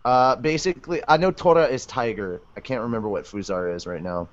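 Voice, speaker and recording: A man's voice: medium pitch, a little fast, slight background noise. A man hosting a fan podcast, chatting casually and laughing between readings. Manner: laid-back, laughing. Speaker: podcast host. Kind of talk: casual chat during live reading. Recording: dull dry podcast audio.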